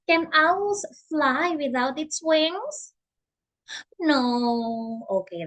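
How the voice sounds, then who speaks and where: A woman's voice: fairly high pitch, a bit bright. A woman teaching English to a young child online, patient and encouraging, with exaggerated prompts. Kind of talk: slow demo lesson for a young learner.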